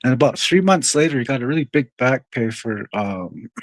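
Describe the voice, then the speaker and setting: A man's voice: medium pitch, very animated, moderate pace, dry recording. A man telling a long story to his viewers in a rambling, profane way, often calling out to them as "you guys.". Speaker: livestream host.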